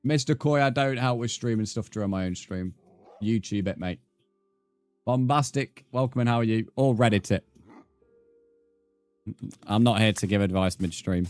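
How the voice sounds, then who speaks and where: A man's voice: lowish voice, moderate pace, long pauses, a little mellow, no echo, soft background music. A man, chatting casually with viewers while streaming a game and answering their comments. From England. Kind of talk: casual live-stream chat.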